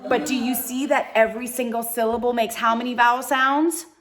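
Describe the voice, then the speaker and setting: A woman teacher leading a live classroom phonics lesson, sounding out syllables slowly and encouraging her students. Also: a little high, steady tone, a bit bright. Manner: slow, drawn-out syllable sounding.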